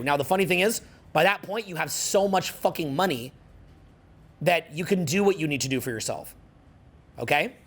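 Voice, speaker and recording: Middle-aged Canadian male coach, high-pitched, emphatic and preachy, motivational seminar delivery. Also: expressive, moderate pace, fairly bright tone. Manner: emphatic, preachy, repeats phrases for effect. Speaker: social skills coach.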